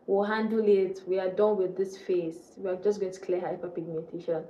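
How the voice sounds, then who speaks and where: Young woman, from Nigeria, faith testimony vlog, earnest, warm tone, echoey room. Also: mid-range voice, level tone, moderate pace, dull audio, slight background noise. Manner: earnest, repeats phrases for emphasis. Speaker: vlogger.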